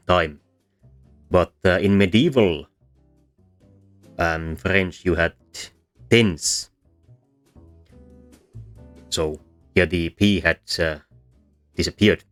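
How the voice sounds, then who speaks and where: Deep-voiced man, halting lesson delivery. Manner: hesitant, many fillers and restarts. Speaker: language history explainer. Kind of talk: explanatory voice-over lesson.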